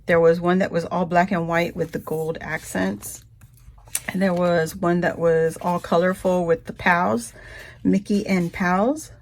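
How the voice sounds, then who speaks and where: A woman vlogger chatting casually through a shopping haul, rambling and breaking into high, gushing squeals over cute things. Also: steady tone, measured pace, a little hiss or hum. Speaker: craft vlogger.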